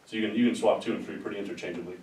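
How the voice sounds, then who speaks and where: A man's voice: fairly even intonation, racing, a little mellow. A man giving an informal, rambling lecture, talking conversationally with restarts and asides. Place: lecture room. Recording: roomy sound from a distant mic with faint rumble.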